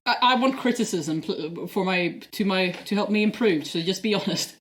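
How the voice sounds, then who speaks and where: A woman co-hosting a podcast in casual chat, animated and swearing freely. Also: mid-range voice, normal speed. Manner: animated, swearing, acts out quotes. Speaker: podcast co-host.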